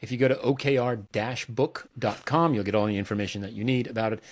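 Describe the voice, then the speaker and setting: A middle-aged man talking as a podcast guest in a casual, relaxed way, with many fillers and restarts. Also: medium pitch, fast, no echo. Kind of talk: casual conversational interview.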